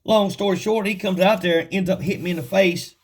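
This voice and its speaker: A man teaching the Bible in a casual, folksy storytelling way, with frequent laughs, and reading scripture slowly and deliberately. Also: sits high, steady tone, breathy edge.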